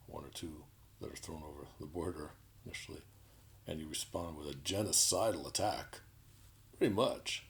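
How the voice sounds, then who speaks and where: A man delivering an indignant, sarcastic political commentary monologue, halting with frequent restarts. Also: rumbling low, vocal fry, low-quality recording.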